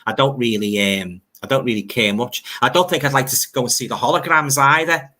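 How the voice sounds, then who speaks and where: Bright-voiced older Scouse man, chatty. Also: mid-range voice, fairly quick. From Liverpool. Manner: chatty, repeats phrases and fillers. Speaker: livestream host. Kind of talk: casual chat reading viewer comments.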